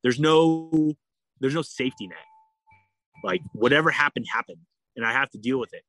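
Male guest, casual animated storyteller, mid pitch, dry close recording. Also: normal speed, dry recording. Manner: animated, heavy use of "like", acts out quoted dialogue.

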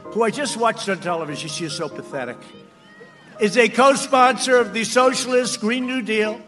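A man giving a campaign rally speech on a stage microphone, boastful and mocking, repeating himself and often shouting. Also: high-pitched, normal speed, soft background music. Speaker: political speaker at a rally. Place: large rally before a crowd.

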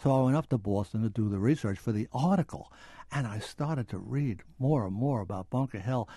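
A man's voice: medium pitch, fairly quick, mellow, breathy edge, no echo. An older man, an author and historian, reading from his book and then answering interview questions with many small restarts.

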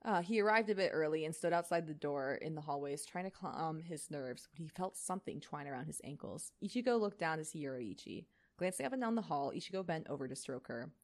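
A young woman reads a fanfic aloud in a lowish voice, sounding tired. She drifts into chatty asides full of fillers and little laughs. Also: expressive, a little fast, hardly any pauses. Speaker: reader. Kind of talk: reading a fanfic aloud with casual chat.

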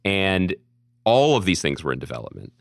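A male podcast co-host riffs in an animated, wry way, his pitch rising and falling a lot. The sound is dry and close, from a studio microphone. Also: normal speed, vocal fry, dry recording. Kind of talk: casual chat.

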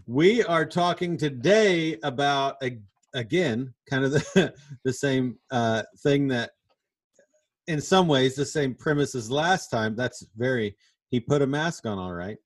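A man's voice: medium pitch, expressive, a little slow. A man co-hosting a church podcast, chatting casually, teasing and laughing, with many fillers and hesitations. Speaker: podcast co-host, pastor. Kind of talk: casual chat.

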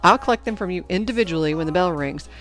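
A woman reading as a brisk, stern schoolteacher. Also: on the low side, lively intonation, a bit bright, soft background music. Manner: brisk, commanding classroom instructions. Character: stern female junior high teacher.

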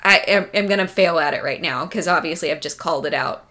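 A woman's voice: deep voice, quick pace, bright, forceful tone. A woman co-hosting a podcast, telling stories animatedly and laughing often. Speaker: podcast co-host. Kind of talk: casual chat.

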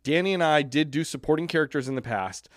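A man's voice: fairly high pitch, animated, fast, no room sound, clean studio sound. A man from Chicago co-hosting a podcast in casual chat, upbeat and leading the segments. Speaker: podcast co-host.

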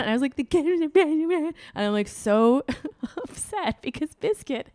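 A woman's voice: high voice, big pitch swings, a little slow, darkish tone, no room sound, studio quality. A woman comedian chatting as a podcast guest, telling a story with lots of laughs and swearing. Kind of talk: casual podcast chat.

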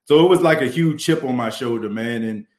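Fired-up New Orleans podcast host. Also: male voice, mid-range voice, brisk, a little mellow, reverberant. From New Orleans, US South. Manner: fervent, motivational, many "you know" fillers. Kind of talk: livestream podcast talk, reading chat. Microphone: studio mic and camera.

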